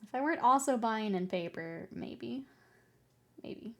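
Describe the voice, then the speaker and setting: With a fairly high voice and lively intonation, a woman chats at an unhurried pace with viewers as she paints miniatures on her stream. She rambles playfully, makes fun of herself and giggles often between comments.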